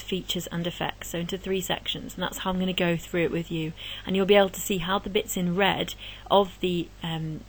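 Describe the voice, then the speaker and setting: A woman history teacher giving an exam revision lesson, explaining answers step by step in a brisk, encouraging way. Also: fairly low pitch, slight background noise, low-quality recording.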